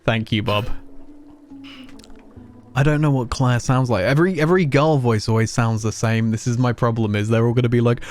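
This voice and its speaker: A man's voice: medium pitch, normal speed, a little mellow. A man streaming a video game, chatting casually and rambling with his co-host. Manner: chatty, rambling, self-mocking. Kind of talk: casual let's play commentary.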